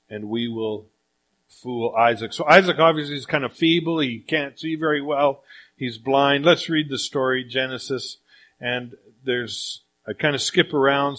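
A man preaching a sermon, retelling a scripture story in an animated way and often changing his pace. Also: mid-range voice. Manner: animated storytelling, speeds up and slows down. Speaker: pastor.

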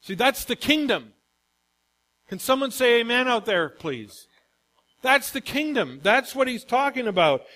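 Man, pastor, sermon, emphatic, questions the congregation, high-pitched. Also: sing-song, unhurried, sharp tone, low-quality recording.

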